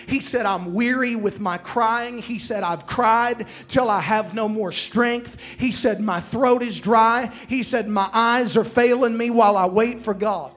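A man's voice: high voice, measured pace, hardly any pauses, fairly bright tone. A man preaching a sermon, calling out to the congregation to repeat after him and quoting scripture. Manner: preaching with call-and-response to the congregation.

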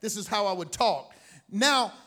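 A male pastor preaching a sermon, animated, swinging between loud bursts and quiet asides. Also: high-pitched, unhurried.

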